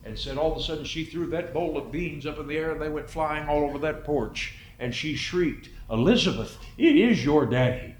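A man preaching a sermon, telling a story in a dramatic way that swings between loud and hushed. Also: a little high, steady tone, brisk, few pauses, slight background noise.

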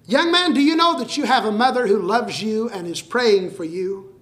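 A preacher playing an earnest, coaxing governor. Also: male voice, sits high, normal speed, a bit bright. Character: earnest older state governor, gently pleading. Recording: roomy echoing hall.

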